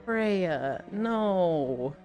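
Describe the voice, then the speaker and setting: A livestreamer chatting casually with viewers, with a very lively pitch that swings up and down. They act out stories, voice the quoted friends and drop in playful curses and laughs. Faint music plays underneath. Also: drawn-out words. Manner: animated storytelling, acting out quoted friends, laughs often; casual, swears, quips. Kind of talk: casual chat with stream viewers.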